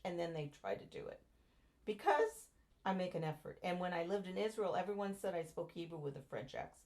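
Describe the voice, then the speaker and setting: A woman in her sixties from the United States, recalling her life for her child in a relaxed, meandering family interview. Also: lowish voice, brisk. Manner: rambling, meandering recollection with restarts. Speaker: interviewee, mother. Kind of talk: reminiscing in a family oral-history interview.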